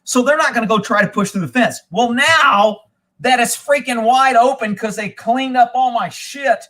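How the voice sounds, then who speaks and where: Profane, animated man telling a story. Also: very high-pitched, moderate pace. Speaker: host. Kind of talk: casual live-stream storytelling.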